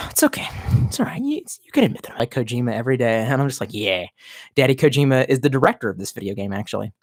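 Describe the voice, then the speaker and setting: A man's voice: mid-range voice, very animated, fast talker, no echo. A man rambling through a casual live stream, swearing freely and reacting to viewer comments as he goes. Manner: profane, rambling, reacts to chat.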